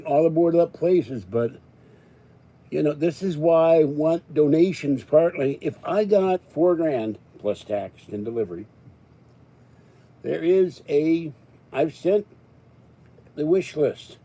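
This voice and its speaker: A man's voice: fairly high pitch, measured pace, warm tone. A man hosting a live stream, rambling and joking as he chats. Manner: joking, rambling, chuckling often.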